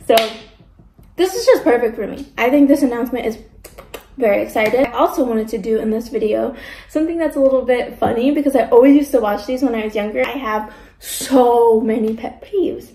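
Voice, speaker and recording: A woman's voice: a little high, fairly quick, a little hiss or hum. Chatty young woman in an echoey room. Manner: chatty, animated storytelling with mimicked voices. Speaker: mukbang vlogger. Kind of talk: casual chat while eating.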